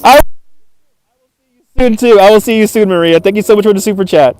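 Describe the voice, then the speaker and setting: A man's voice: sits high, quick pace, a little mellow, slight background noise. A man hosting a live walking stream outdoors, chatty and laughing as he thanks viewers by name, filmed on a phone on a gimbal. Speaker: livestream host. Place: outdoors on a cold waterfront.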